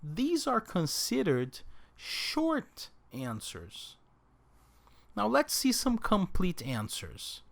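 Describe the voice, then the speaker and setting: A man teaching a recorded English lesson, drilling example sentences slowly with exaggerated question intonation. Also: sits high, wildly swooping pitch, vocal fry.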